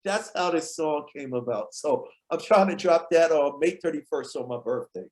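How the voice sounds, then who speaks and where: A man, a guest on a podcast, telling lively anecdotes and acting out the people in them. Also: a little high, moderate pace. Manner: tells anecdotes, acts out quoted people in lively voices. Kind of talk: animated storytelling in conversation.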